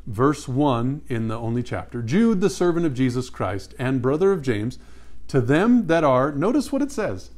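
A man leading a Bible study, reading verses aloud and asking his listeners questions. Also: medium pitch. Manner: emphatic, asks the audience questions and repeats answers. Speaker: Bible teacher.

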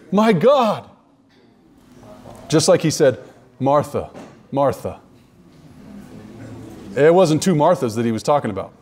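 A man preaching a sermon to a live audience, emphatic, slowing down to stress key words and addressing listeners directly. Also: a little high, darkish tone.

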